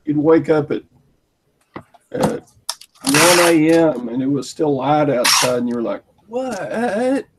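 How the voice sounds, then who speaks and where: Chatty man on a group call, slightly high voice, noisy audio. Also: fairly even intonation, measured pace, long pauses. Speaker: chat participant. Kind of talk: casual group chat.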